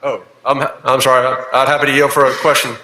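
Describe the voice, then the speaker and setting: Man, bright tone, echoey legislative chamber, explanatory floor speech. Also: mid-range voice, little pitch movement, slight background noise. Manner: measured, explanatory, with frequent fillers. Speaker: senator presenting a bill. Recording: echoey chamber with long reverb.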